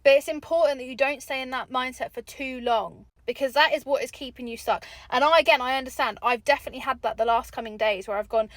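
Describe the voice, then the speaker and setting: A woman's voice: high voice, quick pace, few pauses, a bit bright, no echo. A young woman giving candid, chatty motivational talk to camera, swearing casually. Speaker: vlogger.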